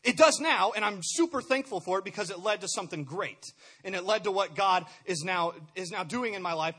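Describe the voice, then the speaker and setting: Young man, high and husky, earnest testimony, stumbles and restarts a lot. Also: a little fast, pushed and bright. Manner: earnest, stumbling over repeated words. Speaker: speaker sharing a testimony. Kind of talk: personal testimony.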